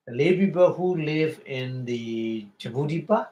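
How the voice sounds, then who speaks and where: A man with a Burmese accent, a Buddhist monk giving a Dharma talk, explaining Pali words slowly with many pauses and repetitions. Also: mid-range voice, expressive, darkish tone. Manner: slow, halting, repeats and glosses words.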